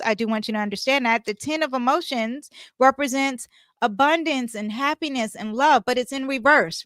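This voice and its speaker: A woman giving a casual astrology and tarot reading, chatty and animated, with many fillers and asides. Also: fairly high pitch, no room sound, clean studio sound.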